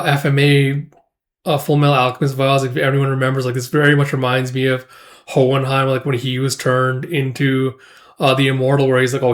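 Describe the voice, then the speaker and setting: Man doing a casual read-along review, rambling and relaxed, full of fillers. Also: mid-range voice. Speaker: manga reader and reviewer.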